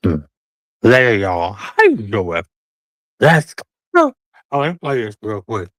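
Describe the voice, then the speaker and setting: Slow, sassy man hosting a livestream. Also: lowish voice, wildly swooping pitch, fairly bright tone, dry recording. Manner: sassy, drawling, calls listeners honey and child. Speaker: livestream host. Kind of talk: casual livestream chat.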